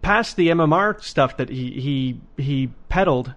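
A man's voice: mid-range voice, animated, unhurried, fairly bright tone, lo-fi sound. A man co-hosting a podcast in casual chat, earnest, often repeating words as he thinks. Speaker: podcast co-host.

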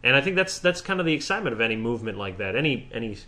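A man's voice: medium pitch, sing-song, rapid-fire, pushed and bright. A man co-hosting a podcast in casual chat, rambling and profane, restarting sentences often. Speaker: podcast co-host.

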